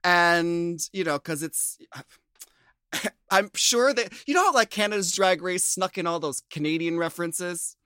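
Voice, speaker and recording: A man co-hosting a podcast, chatting in an animated, giggly way. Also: high voice, a little slow, clear, resonant tone, dry recording, studio quality. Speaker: podcast co-host. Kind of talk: casual chat.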